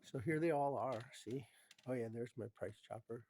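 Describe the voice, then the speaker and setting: A man talking casually through his homemade guitar pedals in a rambling, meandering way, often trailing off into low murmurs. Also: normal speed, a little mellow, husky. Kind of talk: casual show-and-tell vlog.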